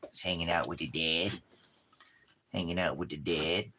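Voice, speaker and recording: A man's voice: low-pitched, normal speed, sharp tone, a little hiss or hum. A man chatting casually and rambling on a livestream at home, often talking fondly to his dogs. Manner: talks to his dogs in a doting, repetitive way. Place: at home indoors.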